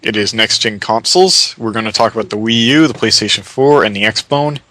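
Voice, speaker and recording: Male podcast host, opinionated, casual, forceful bright delivery. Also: lowish voice, a little hiss or hum, low-quality recording. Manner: opinionated, quick restarts. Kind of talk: casual gaming podcast chat.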